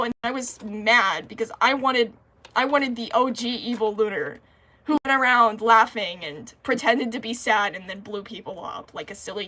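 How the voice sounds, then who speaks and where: A woman's voice: fairly high pitch, sharp tone, slight background noise. A woman chatting casually on a livestream, rambling and giggling, talkative and a bit nervous.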